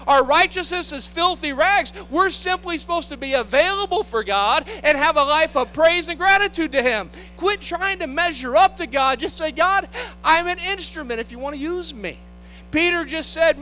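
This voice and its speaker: A man's voice: very high voice, lively intonation, moderate pace, sharp tone, soft background music, rough recording. A man preaching a sermon, impassioned, acting out the voices he quotes.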